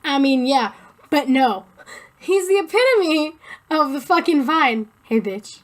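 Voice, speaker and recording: A young woman co-hosting a podcast in casual chat, blunt and profane, joking in an animated way. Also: sits high, unhurried. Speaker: podcast co-host.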